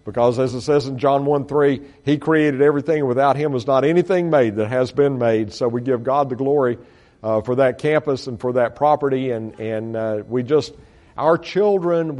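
A man speaking as a missionary, walking a congregation through a slide show at a middle pitch. His talk is folksy and earnest. He often stops, says "uh" and starts a sentence over. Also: normal speed, a little mellow. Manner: folksy and earnest, many fillers and restarts. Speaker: missionary reporting to supporters.

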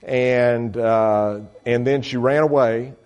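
A man with a medium-pitched, steady, clear and resonant voice with a darkish tone speaks slowly, and the audio is dull. He is a missionary presenting slides to a congregation of supporters, earnest and folksy, with many fillers and restarts.

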